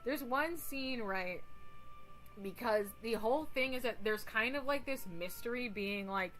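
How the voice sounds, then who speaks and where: A woman streamer chatting casually on a livestream, rambling and animated, swearing and giggling now and then. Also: fairly high pitch, a little slow, faint music behind, rough recording.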